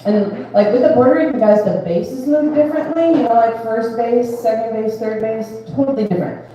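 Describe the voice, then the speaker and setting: Female comic, teasing and bubbly, mellow tone; echoey room, mic a bit far off. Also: on the high side, a little fast. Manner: bubbly, teasing, laughs between lines. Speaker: comedian and emcee. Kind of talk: stand-up set. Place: comedy club stage.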